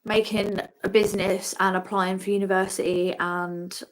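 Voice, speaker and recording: A woman with a British accent chatting as a guest on a live stream, excitable and often laughing. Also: medium pitch, moderate pace, rough recording. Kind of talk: casual live-stream chat.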